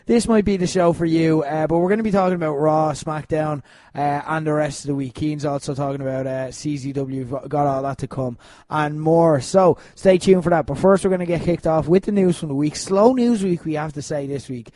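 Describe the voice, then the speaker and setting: A man co-hosts a casual podcast, rambling, laughing and swearing now and then as he tells stories. His voice is a little high and warm, and he talks briskly with hardly any pauses. The recording is dry.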